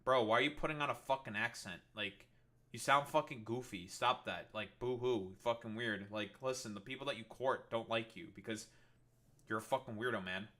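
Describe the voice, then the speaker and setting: Guy streamer ranting at news clips, sarcastic, swears nonstop, bright edgy voice. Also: medium pitch, brisk. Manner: sarcastic, profane ranting with many fillers. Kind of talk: political commentary livestream.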